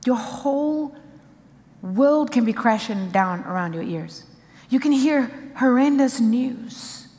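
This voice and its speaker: A woman's voice: fairly high pitch, animated, slow, dark tone, in a large hall. A woman preaching a sermon with emphasis, driving points home in short repeated phrases.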